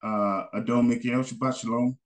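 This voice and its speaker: A man from North Carolina answering a question in an online class, halting with many fillers and restarts. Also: mid-range voice, steady tone. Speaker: assistant teacher.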